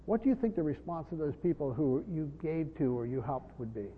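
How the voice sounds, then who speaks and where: A man's voice: fairly high pitch, sing-song, a little fast, slight background noise. A man preaching a verse-by-verse sermon as a pastor, earnest, often repeating words and leaning hard on key words. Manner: earnest, repeats words, stresses key words, voices imagined speakers. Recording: dull lo-fi church hall recording with long reverb.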